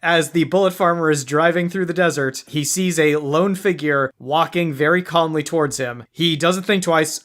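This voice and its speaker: A man spins his turn in a story game in loose, casual talk, full of little "like"s. His voice sits fairly high for a man. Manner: relaxed, filler-laden storytelling. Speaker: player.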